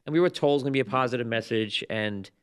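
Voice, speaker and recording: A man with a New Jersey accent co-hosting a podcast, talking in an earnest, halting way to back up his friend. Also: mid-range voice, smooth. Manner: earnest, halting, many "like" fillers. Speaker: podcast co-host. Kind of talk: supportive casual chat.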